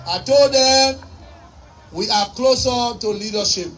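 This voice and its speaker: A man with a Liberian English accent giving a political rally speech, shouting and repeating his points rhetorically. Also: very high-pitched, unhurried. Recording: distant mic with crowd and noise.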